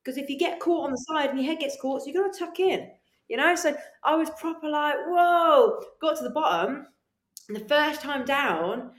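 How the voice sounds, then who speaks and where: A woman guest on a podcast, telling animated stories in casual chat, swearing freely and acting out her own voice. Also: high voice, a little fast. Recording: echoey room.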